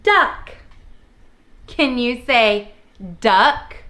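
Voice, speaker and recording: A young woman leads a preschool lesson, coaxing small children along in a cheerful sing-song way. Her voice sits high and clear with a bright edge. She takes her time over each word, and everything comes out very slowly. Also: expressive. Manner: slow, cheerful sing-song prompting for little kids. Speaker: preschool teacher.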